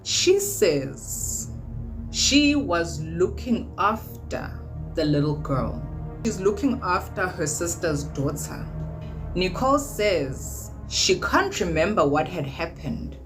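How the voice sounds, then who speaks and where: True crime narrator, woman, low register, relaxed retelling with soft music underneath. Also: slow pace, low-quality recording. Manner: conversational, retelling events plainly.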